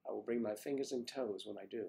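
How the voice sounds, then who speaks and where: An older man hosting a casual livestream, chatting warmly with viewers by name and rambling through stories. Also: on the low side, fast, vocal fry. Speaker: livestream host reading viewer comments. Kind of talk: casual chat.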